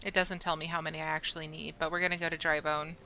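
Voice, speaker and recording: A woman streamer giving chatty, excitable commentary while playing a game at her desk mic. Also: low voice, fast talker, a little hiss or hum, poor audio.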